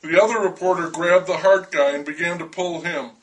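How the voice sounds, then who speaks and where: A man's voice: fairly high pitch, fairly even intonation, a little fast, fairly bright tone, far from the mic, low-quality recording. A man narrating a first-person story in a dry, wry way.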